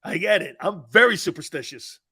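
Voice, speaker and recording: Sports-talk host: middle-aged American man, bright forceful delivery, pitched a bit high, rowdy and animated. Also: brisk, slightly rough. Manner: animated, loud bursts, laughs a lot. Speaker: sports talk show host reading live chat. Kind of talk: casual live sports talk.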